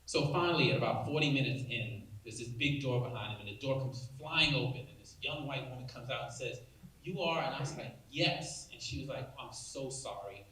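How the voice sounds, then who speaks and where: A man's voice: mid-range voice, fast talker, few pauses. A man in his forties giving a keynote talk, telling a personal story and acting out the voices of the people in it. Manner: animated storyteller acting out dialogue, many "like"s. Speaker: national speaker on prison reform. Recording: roomy hall audio from a distance, faint hiss.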